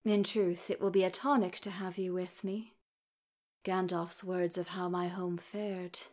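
Brief: soft-spoken formal elf man, read by a woman, halting, slow storybook delivery. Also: mid-range voice, lightly acted. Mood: earnest. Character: young male elf, gentle, formal, hesitant. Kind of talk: audiobook character reading.

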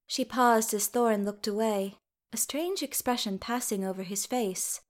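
A woman reading a story aloud in a steady, even narration. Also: on the high side, normal speed.

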